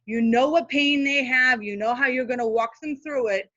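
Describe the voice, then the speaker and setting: A chatty woman with a fairly high voice gives practical marketing tips as a guest on a live video call. She talks casually, full of fillers and asides. The sound is dry and a little dull. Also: normal speed, a bit bright, dry recording. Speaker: guest speaker, social media manager.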